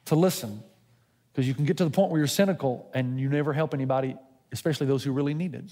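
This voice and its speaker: A man's voice: on the high side, a little mellow. A middle-aged pastor preaches a sermon in a slightly raised voice. He tells stories and plays out both sides of a dialogue with God. His words ring out with a long reverb that fills the church hall. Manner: storytelling preacher who acts out dialogue with God.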